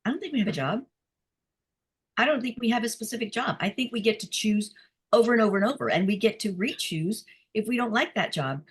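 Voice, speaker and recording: A woman with a high, bright-pitched voice talks in a casual group video chat. She tells her stories excitably, leaning into every turn with real animation. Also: brisk, breathy edge. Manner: animated, excitable storytelling with laughs. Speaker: discussion participant.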